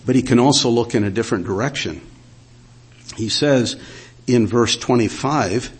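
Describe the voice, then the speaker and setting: Guy preaching, kinda husky, earnest, lots of uhs and ums. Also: mid-range voice, measured pace. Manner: earnest preaching with frequent "uh" and "um", reading scripture aloud. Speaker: pastor. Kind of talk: sermon.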